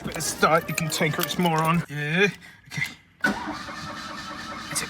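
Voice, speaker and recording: Young aussie bloke vlogging, high voice, goes from mumbly to yelling at his gear, bit of music behind. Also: moderate pace, pauses often. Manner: excitable, slangy, yells and groans while testing gear. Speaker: tech reviewer. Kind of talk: casual vlog chat.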